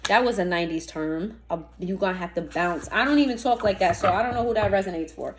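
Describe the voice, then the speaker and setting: A woman's voice: medium pitch, fast, background noise. Blunt, cursing woman tarot reader. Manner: blunt, profane, slangy and animated; talks straight to the listener, asking rhetorical questions. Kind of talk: casual tarot reading.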